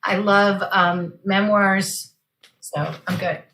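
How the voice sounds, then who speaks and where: Talkative woman author with a bright, crisp voice, casual panel chat. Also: medium pitch, fairly even intonation, slow pace, poor audio. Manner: talkative, repeats words while thinking. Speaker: guest author. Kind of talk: casual video-call chat. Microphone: video call.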